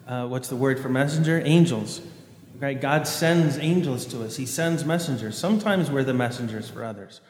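A man's voice: medium pitch, moderate pace, darkish tone, slight background noise. A man preaching a sermon as a priest, earnest and thinking aloud, often restarting his phrases. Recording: echoey church with long reverb.

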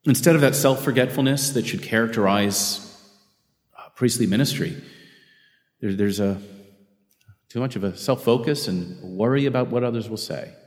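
A man's voice: medium pitch, moderate pace, pauses often, big-room sound. A man preaching a sermon to a group of brothers, earnest, often restarting his phrases. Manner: earnest, self-correcting with repeated restarts.

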